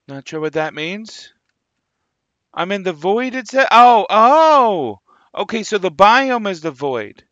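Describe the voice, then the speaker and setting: High, bright man chatting over gameplay. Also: big pitch swings, measured pace, no echo, dull audio. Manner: chatty, muses aloud, jokey asides. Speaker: gaming channel host. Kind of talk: casual gameplay commentary.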